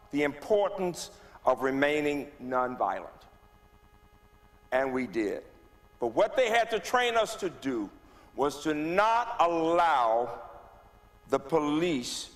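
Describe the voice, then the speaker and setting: A man, giving a personal testimony as a guest speaker, moving from hushed tones to rising, forceful delivery. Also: medium pitch. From Birmingham, Alabama. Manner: dramatic storyteller, swings from hushed to rising loud. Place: church. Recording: long reverb of a church hall.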